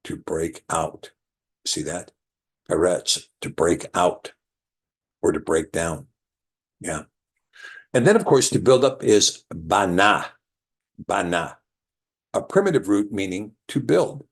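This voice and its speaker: A man with a low, husky voice leads a scripture lesson. He explains slowly and repeats key words to let them sink in. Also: expressive. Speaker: Bible teacher. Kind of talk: scripture lesson with a drawing board.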